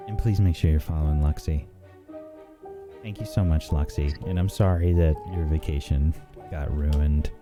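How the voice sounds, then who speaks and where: A man's voice: rumbling low, moderate pace, music in the background. A man hosting a tabletop game as game master, thanking his players effusively.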